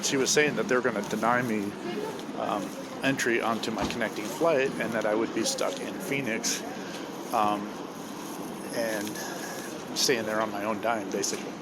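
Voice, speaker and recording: A man telling a story in a casual, rambling way, sardonic and swearing freely, with many pauses and fillers. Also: lowish voice, fairly even intonation. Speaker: vlogger. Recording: loud vehicle noise behind.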